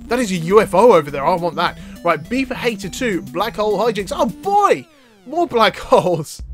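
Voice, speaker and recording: A man giving animated, joking gameplay commentary to his viewers. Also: high voice, moderate pace, soft background music. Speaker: gaming YouTuber.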